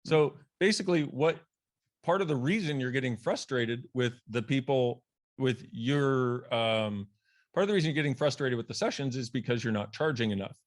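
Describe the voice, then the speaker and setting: A man, a guest author, telling a personal story in a podcast conversation in an animated way, laughing, swearing and acting out other people's voices. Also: normal speed. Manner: animated, laughs, swears, acts out quoted voices with big pitch jumps.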